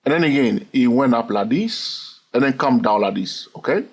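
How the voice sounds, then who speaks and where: Husky, lively man teaching chart reading. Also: medium pitch, moderate pace. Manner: checks in constantly with "okay?" and "yes or no?"; repetitive, counting waves aloud. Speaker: trading instructor. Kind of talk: chart walkthrough lesson.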